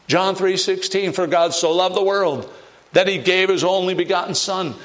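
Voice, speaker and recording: A man preaching a sermon as pastor, emphatic, with big swings in pitch and loudness, and acting out doubters in a mocking higher voice.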